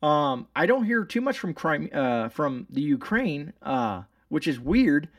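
A man's voice: fairly high pitch, sing-song, measured pace, dry recording, studio quality, distant mic. Rambling, sarcastic man reading the news. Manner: rambling, sarcastic, frequent fillers and restarts. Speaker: channel host. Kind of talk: casual commentary reading news aloud.

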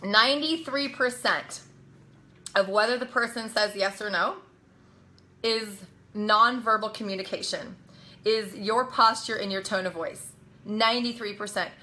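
A woman network marketing coach giving a lively motivational talk, emphatic and energetic, acting out little quotes as she goes. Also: medium pitch, a little slow, slight background noise.

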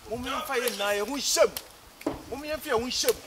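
A man with a Ghanaian accent pleading with supporters to campaign door to door, fast and insistent. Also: extremely high pitch, noisy background. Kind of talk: rallying speech.

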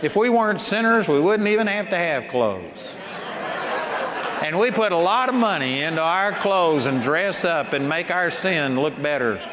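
A man's voice: a little high, animated, normal speed. An older man preaching a sermon in an emphatic, folksy way, often laughing as he talks. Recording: long hall reverb, faint ambient noise.

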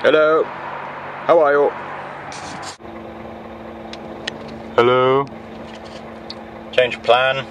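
A truck driver stands beside his truck outdoors at night, talking casually to camera for a vlog with dry, self-mocking humor. His voice is lowish and a bit bright. The noisy outdoor camera audio picks up vehicle and traffic sounds.

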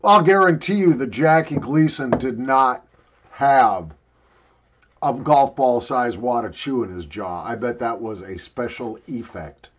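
A man's voice: medium pitch, a little slow, lo-fi sound, a little hiss or hum. An older man rambling and joking crudely while he talks around a wad of chewing tobacco in a casual review video.

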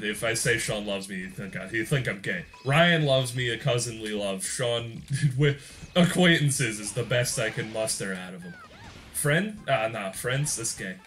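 A man's voice: medium pitch, a bit bright. A young man hosting a gaming channel, giving casual gameplay commentary in a rambling, joking way and often laughing mid-sentence.

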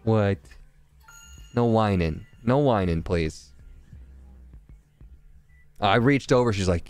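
Brief: man, live game streamer, playful banter with chat, clean smooth voice. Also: fairly low pitch, slow, pauses often, faint music behind. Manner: jokey, animated, chatting with viewers. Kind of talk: casual live game commentary.

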